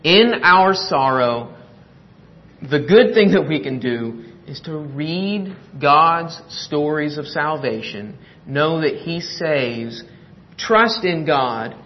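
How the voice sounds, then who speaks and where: A man's voice: fairly high pitch, animated, takes it slowly. A man preaching a sermon, reading scripture aloud with earnest drama and a touch of humor. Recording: muffled lo-fi recording.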